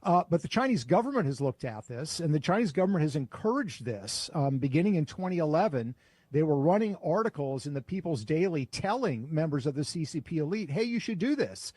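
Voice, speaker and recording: A man speaks as an interview guest, in a fairly high voice with a dry, close sound. He explains steadily and deliberately, stopping now and then to restate a point. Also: very animated, darkish tone, husky, dry recording. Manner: measured and explanatory, with a few fillers. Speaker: author and think-tank guest. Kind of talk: cable news interview.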